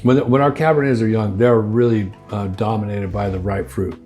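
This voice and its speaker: An older man answering interview questions in a relaxed, rambling way, restarting phrases and chuckling often. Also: fairly low pitch, normal speed, soft background music. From United States. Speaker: winery owner interviewee.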